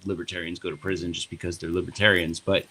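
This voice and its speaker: A man, a party board member, telling a long story on a podcast in a casual, animated and profane way. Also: low voice, quick pace.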